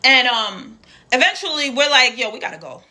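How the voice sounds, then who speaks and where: A woman telling a personal story in a casual, animated, slang-filled way. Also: high-pitched, moderate pace.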